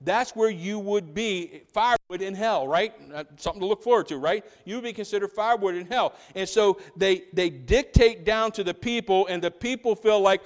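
A man preaching a sermon as pastor, animated, swinging between loud outbursts and hushed lines. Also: sits high, brisk, hardly any pauses, long reverb tail.

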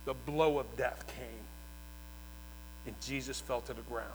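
This male preacher tells his sermon like a dramatic story, shifting from hushed, slow passages to shouted proclamations. His pitch is medium and his intonation fairly even, with noise in the background.

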